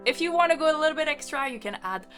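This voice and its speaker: A woman's voice: high voice, animated, very fast. A woman teaching rock keyboard patterns, explaining them cheerfully and counting beats aloud while she plays. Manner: upbeat, instructive. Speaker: piano teacher. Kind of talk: keyboard lesson with demonstrations. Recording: loud piano playing alongside.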